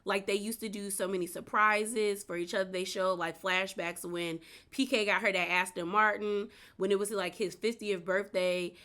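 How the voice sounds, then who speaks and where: A woman's voice: mid-range voice, fairly even intonation, moderate pace, hardly any pauses, sharp tone. A woman recapping a reality show in a chatty, gossipy way, full of "girl" and "like" asides. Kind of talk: casual recap commentary.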